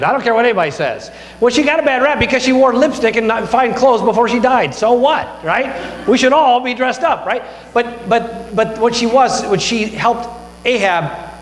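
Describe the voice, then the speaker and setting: This pastor has a high voice and talks through his sermon in a chatty way, joking and teasing himself at the microphone. Slight background noise is present, and the church hall echoes with long reverb.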